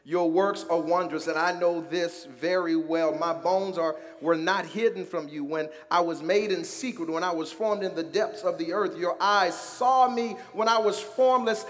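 Man, pastor, high voice, fiery sermon delivery, long hall reverb. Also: moderate pace, few pauses, faint music behind. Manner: preaching with call-and-response, rising to shouts.

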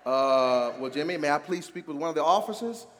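Brief: pastor voicing a puzzled telemarketer, hesitant and polite, reverberant hall. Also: male voice, a little high, animated, brisk, fairly bright tone, slight background noise, voice pushed down. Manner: hesitant, polite, lots of ums. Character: puzzled adult male telemarketer.

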